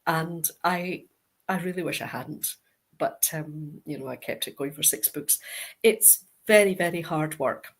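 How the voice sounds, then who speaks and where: A middle-aged Scottish woman, a guest author in an interview, telling stories with lively acted-out quoted dialogue. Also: deep voice, measured pace. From Scotland. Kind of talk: interview anecdote.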